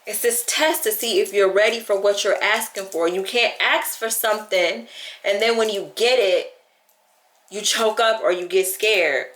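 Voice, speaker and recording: Close to crying, this woman pours out an emotional talk to camera, chatting heartfeltly with many "likes" and quoting her own words. Her medium-pitched voice is a bit bright and measured in pace, recorded in an echoey room.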